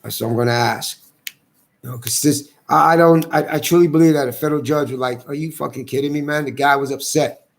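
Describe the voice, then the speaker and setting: A man's voice: medium pitch, brisk, vocal fry. A man, agitated and repetitive, swearing as he rambles through a complaint. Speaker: vlogger airing a grievance. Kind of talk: angry rambling monologue.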